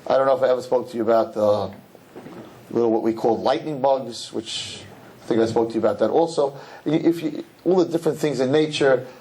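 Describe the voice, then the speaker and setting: Husky middle-aged rabbi. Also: male voice, a little fast, dark tone. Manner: jokes with the audience, acts out quotes in high voices. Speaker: rabbi giving a talk. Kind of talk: animated sermon. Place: synagogue hall.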